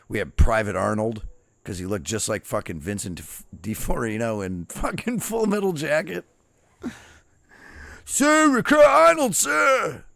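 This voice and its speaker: Low male streamer, profane storyteller, dry mic. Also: no echo. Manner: profane, storytelling, barks quoted drill shouts. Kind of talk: casual storytelling chat.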